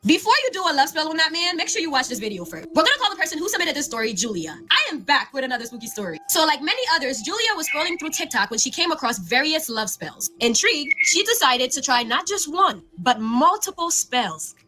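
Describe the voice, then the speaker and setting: High bright woman's voice doing a spooky story, lots of ups and downs. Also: quick pace, hardly any pauses, soft background music. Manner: lively, animated narration.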